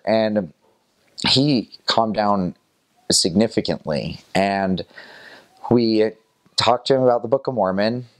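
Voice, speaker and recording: A young man with a fairly low voice recounts a personal story in an easygoing, conversational way. He sprinkles in small laughs and casual fillers as he talks. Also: slow, long pauses. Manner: chatty, laughs often between phrases, fillers like "like" and "kinda". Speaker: former missionary telling a story.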